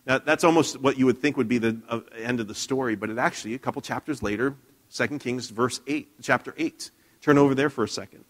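A man's voice: mid-range voice, fast talker. A man preaching a sermon in a church, telling a Bible story conversationally with frequent restarts and questions to the congregation. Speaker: pastor.

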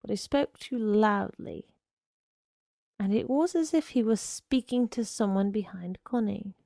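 Slow, gravelly woman narrating. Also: medium pitch, warm tone, dry recording. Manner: measured, unhurried narration. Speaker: reader. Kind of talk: reading a short story aloud.

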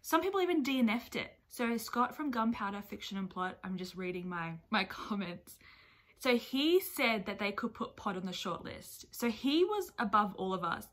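A woman book vlogger talking casually to camera in a reaction video, expressive and chatty, swearing freely. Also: mid-range voice, normal speed. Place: at home with her dog nearby.

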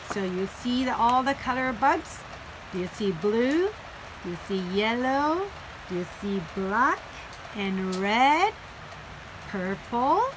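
A woman teaching young children in a sing-song, encouraging way, indoors on a rainy day. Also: a little high. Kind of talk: sing-along lesson for young kids. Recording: rain noise in background.

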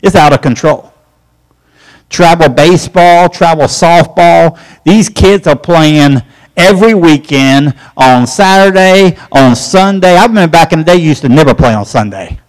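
A man leads a church Bible class in a folksy, conversational way. His voice sits a little higher than most men's. He climbs even higher and gets insistent when he drives a point home. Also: moderate pace, rough recording. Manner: folksy, emphatic, rising pitch when pressing a point. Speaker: Bible study teacher.

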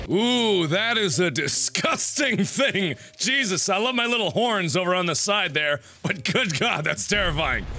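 A man giving goofy, excitable gameplay commentary with frequent exclamations and swearing. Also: sits high, unhurried, few pauses, raised voice, soft background music.

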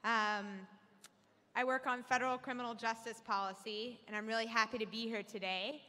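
A woman's voice: a little high, fairly even intonation, normal speed, bright, forceful tone. A young adult woman from Alabama, a policy analyst giving a candid, earnest talk on stage. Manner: candid, joking then earnest. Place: large hall with audience. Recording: echoey hall.

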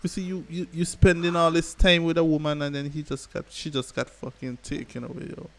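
A man hosting an anime reaction, swearing freely and breaking into shouts and laughter between calmer remarks. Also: fairly high pitch, brisk, gravelly, a little hiss or hum. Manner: excitable, profane, bursts into shouts and laughter. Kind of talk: live reaction commentary. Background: faint anime soundtrack playing.

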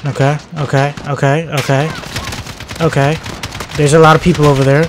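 A man giving live commentary as he plays a shooter game, swinging between shouting at enemies and muttering to himself. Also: a little high, normal speed, noisy background. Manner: excitable, yelps and shouts at enemies, then mutters. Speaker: gaming channel host.

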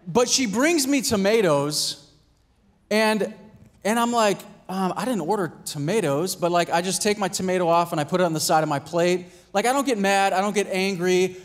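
A pastor preaching a sermon in a conversational way, acting out little scenes and asking "right?" and "Amen?". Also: male voice, sits high, normal speed. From United States. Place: church hall.

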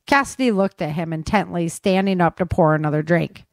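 A woman author narrating her novel aloud in an expressive storytelling manner, then opening her podcast as host. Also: on the low side, brisk, no room sound, clean studio sound. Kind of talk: audiobook narration.

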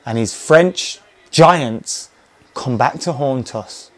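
A man's voice: medium pitch, takes it slowly. A young man giving casual commentary while playing a video game, cheering and swearing at the action. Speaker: gaming commentator. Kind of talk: casual live gameplay commentary.

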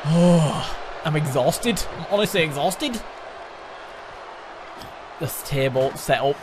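High lively man yelling over a game. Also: takes it slowly, pauses often, noisy background. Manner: animated, yelling and laughing at chaos. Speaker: gaming co-host. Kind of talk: excited gameplay commentary.

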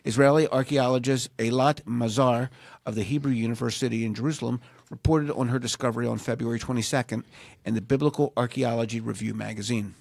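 A man with a gravelly, creaky voice co-hosts a casual news show and reads items aloud in a relaxed, joking way. His voice sits at an ordinary middle pitch. It sounds close and dry, with no room echo. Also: quick pace. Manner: reads news items, jokes and laughs often. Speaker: co-host.

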